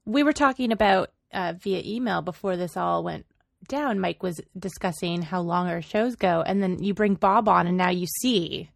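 A woman's voice: lowish voice, moderate pace, vocal fry, no echo, studio quality. A woman co-hosting a podcast in casual chat, upbeat and chatty as she steers toward trivia. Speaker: podcast co-host.

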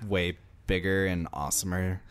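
A young man with a very low voice hosts a relaxed podcast chat. He jokes with friends and lets his sentences trail off. His tone stays loose and laid-back. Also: moderate pace, clear, resonant tone. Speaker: podcast host. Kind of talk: casual chat.

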